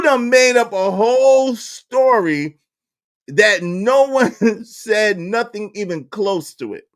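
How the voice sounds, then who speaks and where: Exasperated high-voiced man ranting. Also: expressive, takes it slowly. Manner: exasperated, mocks critics in put-on voices; repeats phrases for emphasis, laughs between lines. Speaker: commentary channel host. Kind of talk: ranting commentary to a live chat.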